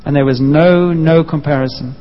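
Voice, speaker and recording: A man preaching a sermon, telling a story with lively acted-out voices. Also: a little high, normal speed. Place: church hall. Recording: dull sound with long hall reverb.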